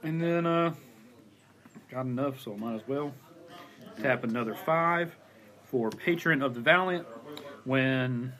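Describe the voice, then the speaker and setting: A man's voice: mid-range voice, measured pace, pauses often, sharp tone. A man playing a card game, talking through his turn and counting out his moves. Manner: thinks aloud, counts and explains his moves.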